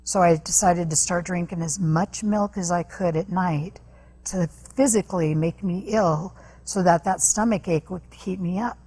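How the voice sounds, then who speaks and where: A woman guest on an interview show, telling a personal story earnestly, with halting restarts. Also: on the low side, dark tone, husky. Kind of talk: personal testimony in a talk interview.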